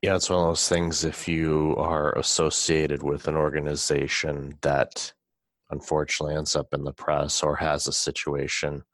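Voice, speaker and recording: A man hosting a podcast, talking in a casual, measured way with occasional restarts. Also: very deep voice, level tone, a bit bright, dry recording. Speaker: podcast host. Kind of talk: casual conversation.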